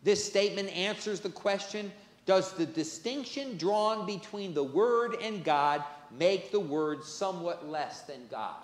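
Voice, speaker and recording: A man's voice: high-pitched, expressive, unhurried. A male pastor preaching a sermon, stressing key phrases by repeating them. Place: church sanctuary. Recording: echoey church with long reverb.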